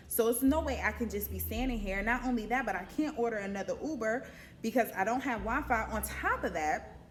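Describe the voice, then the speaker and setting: A young woman vlogger telling a casual storytime, animated, swearing and acting out her own panicked quotes. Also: fairly high pitch.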